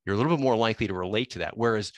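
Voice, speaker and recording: A man's voice: fairly low pitch, rapid-fire, no room sound. A man co-hosting a podcast, talking conversationally and explaining through everyday examples in a casual discussion. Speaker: podcast co-host.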